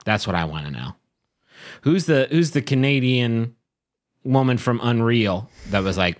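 A man co-hosting a podcast, chatting casually and joking, swearing freely and jumping into high mock voices. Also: animated, unhurried. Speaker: podcast co-host. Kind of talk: casual chat recapping a reality show.

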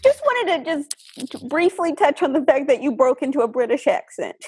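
A woman hosting a comedic call-in game show, deadpan and rambling with fillers. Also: sits high, moderate pace. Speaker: host.

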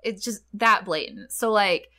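A woman co-hosts a podcast in loose, casual chat, with a bright, clear voice. She laughs often and swears freely, with animated delivery. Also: medium pitch, unhurried. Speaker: podcast co-host.

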